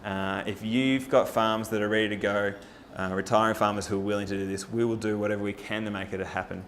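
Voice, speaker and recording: A man giving an energetic, persuasive presentation at a forum, firing rhetorical questions at the audience. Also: lowish voice, fast talker, a little hiss or hum. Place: live talk at a farming forum.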